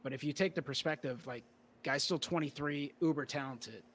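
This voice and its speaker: Bright-voiced male guest, rambling casually. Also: fairly high pitch, moderate pace, a little hiss or hum. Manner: relaxed, rambling, many fillers like "you know". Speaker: guest, card collector. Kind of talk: casual conversation.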